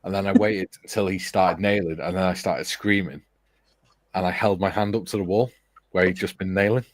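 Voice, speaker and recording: A man's voice: low-pitched, fairly even intonation, a little fast, no room sound. A man, hosting a casual model-building chat and telling a rambling anecdote, laughing often as he goes. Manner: laughs often while storytelling, rambling with restarts.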